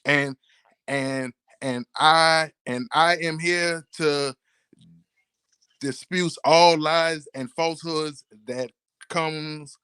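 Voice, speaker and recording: A man making a formal, carefully measured statement on a live call. He speaks slowly, with pauses between phrases, in a smooth, clear voice. The sound is dry and close. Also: on the high side, steady tone, sharp tone, no echo. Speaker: panel guest answering accusations.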